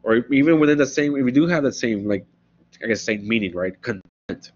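A quick-talking man with a medium-pitched, animated, a little mellow voice explains philosophical ideas to a class, regularly checking in with "right?" The lecture was captured on dull, lo-fi audio.

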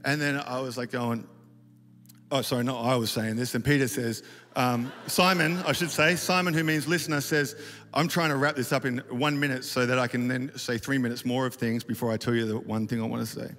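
A man's voice: mid-range voice, steady tone, brisk, a bit bright. A man giving a casual, rambling talk at a church conference, full of fillers and self-deprecating asides. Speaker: worship leader speaking at a conference. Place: large auditorium stage. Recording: reverberant hall, faint ambience.

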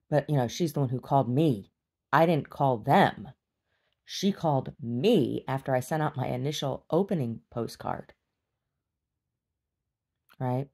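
Low-voiced, weary, blunt middle-aged woman. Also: measured pace, creaky, pauses often, darkish tone, slightly rough. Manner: weary, blunt and profane, with wry laughs. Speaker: video diarist. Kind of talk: candid video diary monologue.

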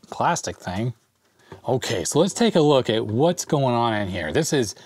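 A man hosting a retro computer repair video, thinking aloud in a relaxed way while he takes a machine apart. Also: mid-range voice, no room sound, studio quality. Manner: thinks aloud while working, relaxed, with small fillers and laughs. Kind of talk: casual hands-on show-and-tell.

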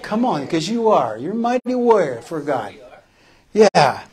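Slow-preaching pastor, man, fairly high voice. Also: very animated, a faint crowd. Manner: impassioned preaching, rising to loud calls and dropping to soft tender lines; repeats phrases for emphasis. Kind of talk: sermon.

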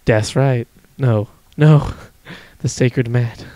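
A man's voice: medium pitch, drawn-out words, warm tone, no room sound. A man hosting a podcast, chatting casually, joking, swearing a lot and laughing often. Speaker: podcast host and streamer. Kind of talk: casual chat.

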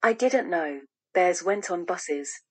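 A woman voicing an eager, curious young boy in a storybook, speaking up with a raised, higher voice. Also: lively intonation, slow, slightly rough, full character voice.

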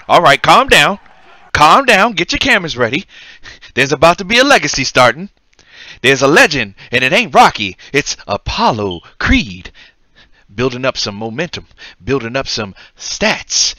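A man's voice: high-pitched, pushed and bright, no echo, exaggerated voice. A man voicing a cocky heavyweight boxer, commentating a game in character with taunting, rhyming trash talk. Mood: scheming. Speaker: gaming commentator.

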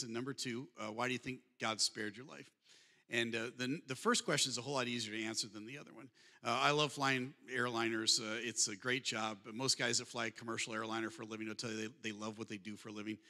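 A man's voice: medium pitch, sharp tone. A man in his fifties, a guest speaker telling humorous stories and talking directly to his audience in a conversational way. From Michigan, USA. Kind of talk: storytelling talk. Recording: long hall reverb.

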